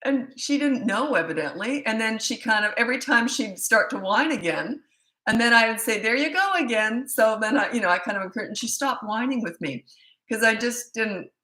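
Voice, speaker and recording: A woman's voice: a little high, lively intonation, a little fast, pushed and bright. A middle-aged woman parenting coach, answering viewer questions in a blunt, chatty way with storytelling asides. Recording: echoey room.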